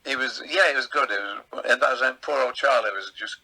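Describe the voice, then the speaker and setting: An older man from England, a veteran comedian, telling rambling anecdotes in a relaxed chatty way. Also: medium pitch, brisk, gravelly, husky, poor audio. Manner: chatty, rambling anecdotes with playful voices in quotes.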